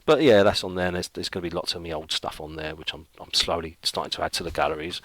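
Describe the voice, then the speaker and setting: A man's voice: low-pitched, animated, quick pace, few pauses, fairly bright tone, dry recording. A middle-aged man who chats casually while drawing, rambling and thinking aloud with lots of fillers. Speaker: illustrator.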